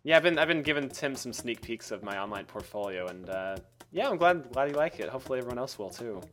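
A man's voice: mid-range voice, animated, quick pace, fairly bright tone, faint music behind. A young man, a webcomic artist, in casual podcast banter, rambling and joking at his own expense. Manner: joking, rambling, self-mocking with frequent laughs.

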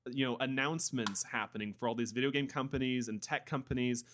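A man's voice: medium pitch, quick pace, slight background noise. A man co-hosting a casual podcast chat, emphatic and acting out little quotes as he talks. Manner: animated and emphatic, acts out quotes. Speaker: podcast co-host.

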